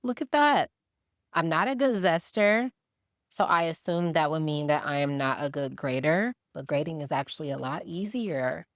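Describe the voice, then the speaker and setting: A young woman from Milwaukee chatting to her viewers while she cooks in her home kitchen, animated and laughing easily. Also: deep voice, moderate pace, no room sound, studio quality. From Milwaukee, Wisconsin, USA. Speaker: cooking vlogger. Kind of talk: casual chatty cooking vlog.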